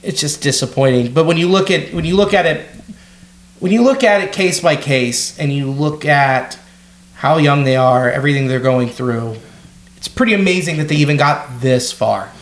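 A man co-hosting a podcast, chatting casually about sports, excitable and swearing freely. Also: on the high side, normal speed. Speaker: podcast co-host. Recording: roomy echo.

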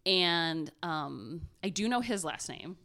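Young woman, podcast co-host, rambling storyteller, lowish voice. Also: lively intonation, slow, pushed and bright. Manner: chatty, rambling with fillers and laughs. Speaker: podcast co-host telling a true crime story. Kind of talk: casual chat.

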